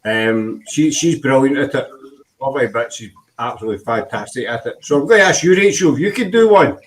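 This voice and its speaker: A man's voice: mid-range voice, animated, fairly quick, rough recording. A man hosting a casual live-stream chat, laid-back and rambling with lots of fillers. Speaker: host.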